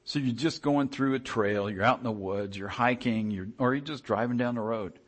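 A man preaching a sermon in a conversational, animated way, often restarting his sentences. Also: medium pitch, moderate pace, husky.

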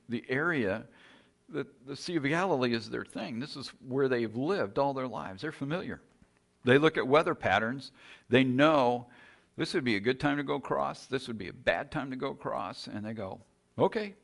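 A man's voice: medium pitch, creaky, a bit bright. A man preaching a sermon, retelling a scripture story in a conversational way with rhetorical questions and frequent restarts.

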